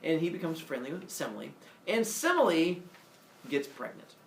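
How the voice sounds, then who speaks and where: Animated male teacher telling a story. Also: fairly high pitch, moderate pace, gravelly. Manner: animated, playful, acts out characters. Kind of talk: classroom storytelling. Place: classroom. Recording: echoey classroom from far off, faint noise.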